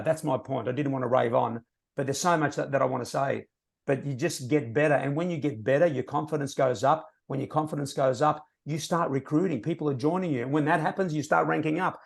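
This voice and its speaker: A man's voice: fairly high pitch, creaky. A man talking passionately and emphatically on a team training call, sharing prospecting tips.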